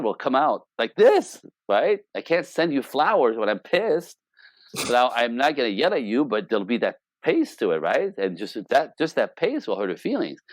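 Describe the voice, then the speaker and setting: A man working as a relationship coach, talking in a casual interview as an animated, joking storyteller. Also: medium pitch, normal speed, no echo. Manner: animated, joking storyteller who acts out quoted dialogue.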